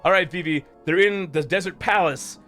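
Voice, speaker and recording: A man's voice: sits high, moderate pace, sharp tone, faint music behind. A man voicing a reluctant, gloomy male mage villager in a game recap, hesitant and casual.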